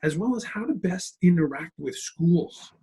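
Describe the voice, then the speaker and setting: A middle-aged man with a somewhat husky, slightly higher voice tells stories in an animated way during a conversational interview. He keeps the flow going with asides like "right?" and "like" as he talks about his experiences as a school principal. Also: moderate pace. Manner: animated, tags lines with "right?" and "like".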